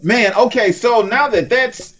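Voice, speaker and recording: A man's voice: extremely high pitch, measured pace, a bit bright, breathy edge, muffled recording. A young man co-hosting a podcast in casual chat, joking, cursing freely and getting worked up. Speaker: podcast co-host.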